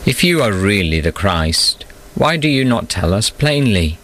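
A group of doubting rulers speak in a challenging, accusing tone, read out by a man with a low voice. It stays plain storybook reading. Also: big pitch swings, unhurried, fairly bright tone, a little hiss or hum. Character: doubting, hostile crowd of male rulers.

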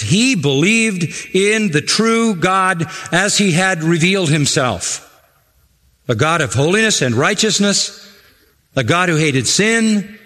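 A man preaching an expository sermon, emphatic and repeating phrases for stress, slowing and speeding as he drives points home. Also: fairly high pitch, fairly bright tone. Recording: hall reverb.

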